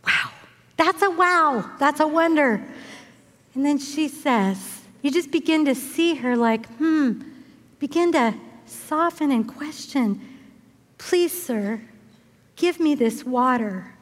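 A woman's voice: sits high, expressive, takes it slowly. An older woman preaching a sermon to a group of girls, telling the story expressively and acting out the voices of its people. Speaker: speaker at a women's event. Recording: long hall reverb.

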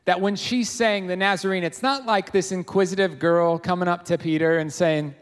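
Man, pastor, high voice, conversational sermon, long hall echo. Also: normal speed, few pauses, clean tone. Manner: conversational, animated, with fillers and restarts. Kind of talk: expository sermon.

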